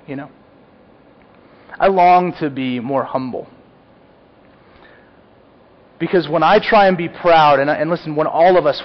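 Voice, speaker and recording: A man with a fairly high voice preaches a sermon, earnest and confessional, swelling into emphatic peaks. The recording sounds dull and lo-fi. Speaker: pastor.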